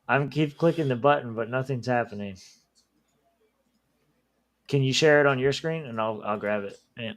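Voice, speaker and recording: A man's voice: medium pitch, no room sound. A man hosting a drinking livestream, working the screen share and reacting with profane jokes. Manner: profane, laughing, quick reactions. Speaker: podcast host running the stream. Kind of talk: casual livestream banter.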